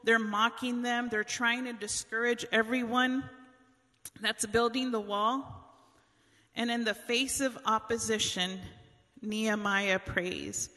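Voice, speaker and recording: A woman's voice: on the high side, steady tone, slow, bright, forceful tone, big-room sound. A woman giving a casual sermon, retelling Bible stories in chatty everyday language. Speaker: speaker giving a Bible teaching.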